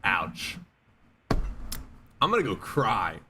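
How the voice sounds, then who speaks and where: A man's voice: fairly low pitch, huge pitch swings, slow pace, pushed and bright, slight background noise. A man hosting a casual livestream chat, blunt and joking, swearing freely. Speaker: livestream host.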